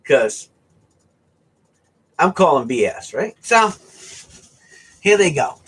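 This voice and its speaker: A man from the US East Coast spins a casual anecdote, his husky voice swinging up high and jumping all over. He keeps checking in with "right?" as he goes. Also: slow pace. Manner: animated, keeps asking "right?". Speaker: storyteller.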